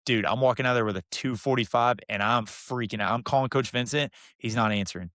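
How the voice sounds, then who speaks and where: A man's voice: mid-range voice, a little fast, no echo, studio quality. A young man telling a long story as a podcast guest, acting out the people in it. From Texas. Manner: animated, mimics the people in his stories. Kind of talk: casual storytelling.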